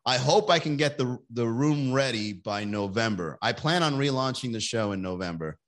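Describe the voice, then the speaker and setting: A man's voice: medium pitch, expressive, normal speed. A man hosting a livestream, chatting casually with jokes and swearing. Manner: joking, profane, rambling. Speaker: livestream host.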